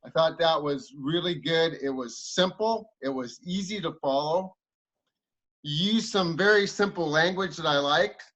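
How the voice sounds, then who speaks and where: A man evaluating a speech at an online club meeting, offering measured, complimentary feedback over dull, lo-fi video call audio. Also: fairly high pitch, a bit bright.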